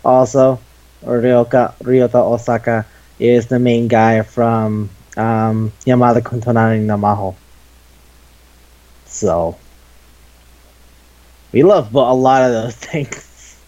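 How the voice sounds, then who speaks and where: A man in his twenties co-hosting a casual chat podcast, excitable and quick to swear. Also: mid-range voice, highs cut off. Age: 20s. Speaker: podcast co-host. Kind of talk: casual chat about anime.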